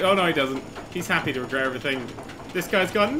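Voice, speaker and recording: A man hosting a gaming channel, giving excitable let's-play commentary into a desk mic, laughing and swearing as he plays. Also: on the high side, fast talker, slight background noise.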